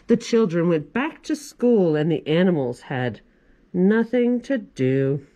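Children's librarian, woman, forties: storytime reader, animated, chatty with kids. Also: fairly low pitch, slow pace. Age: 40s. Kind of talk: reading a picture book aloud to children.

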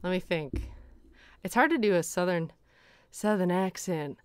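Woman streamer, chatty and giggly, tired voice, smooth tone, unhurried, dry close sound. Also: on the low side, lively intonation, no echo. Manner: chatty, laughs often, thanks viewers. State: voice tired at day's end. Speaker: streamer and voice actor. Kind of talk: casual livestream chat. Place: her room at home.

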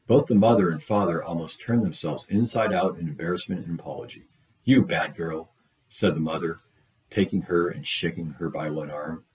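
A man reading a short story aloud in a steady, measured way, voicing the dialogue as he goes. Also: deep voice, low-quality recording. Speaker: audiobook reader. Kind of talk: read-aloud literary narration.

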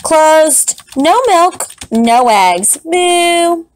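A woman voicing a herd of cheeky female cows who type notes, reading them in a sing-song way with loud moo endings. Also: high voice, lively intonation, very slow, voice pushed up, heavily acted.

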